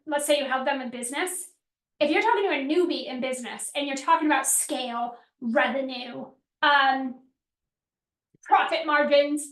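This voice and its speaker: Her voice sitting high amid reverberation, a middle-aged business coach teaches a workshop with direct energy, posing questions to the audience and imitating what her clients say.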